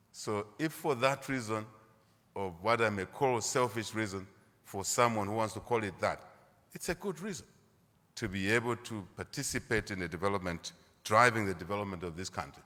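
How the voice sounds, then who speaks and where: A man's voice: fairly low pitch, sharp tone. A middle-aged Zambian man, a government leader, giving a formal public speech and repeating key phrases for emphasis. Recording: long hall reverb.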